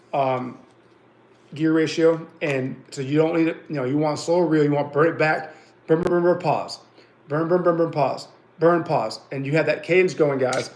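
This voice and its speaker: A man's voice: on the high side, vocal fry. A man giving casual, folksy fishing tips on a livestream, chatty and calling his viewers "guys" and "y'all". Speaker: fishing channel host. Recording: echoey room.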